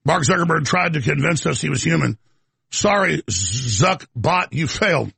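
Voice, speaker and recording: A male talk show host who rambles heatedly from one point to the next. His voice sits a bit high and is rough and gravelly, recorded dry and close. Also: animated, normal speed, fairly bright tone, no room sound. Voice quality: gravelly, raspy. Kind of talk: talk radio rant.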